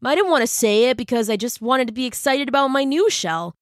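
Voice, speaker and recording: A woman's voice: sits high, lively intonation, a little fast, no room sound, clean studio sound. A woman voicing a laid-back young male hermit crab who talks in easygoing surfer slang, in a storybook reading. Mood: apologetic.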